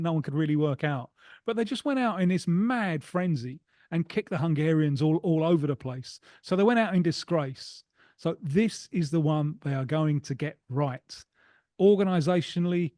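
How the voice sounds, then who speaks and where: A man discussing football history on a podcast, his voice sitting a little higher than most. He is thoughtful and restarts his phrases as he reasons aloud. The recording is close and dry. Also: warm tone, no echo. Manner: thoughtful, repeats words while thinking. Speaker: football analyst. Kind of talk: podcast conversation.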